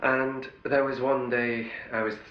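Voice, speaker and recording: A man's voice: mid-range voice, level tone, a little slow, echoey room, lo-fi sound. A middle-aged male actor telling wry anecdotes in an interview, often restarting his sentences. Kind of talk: interview storytelling.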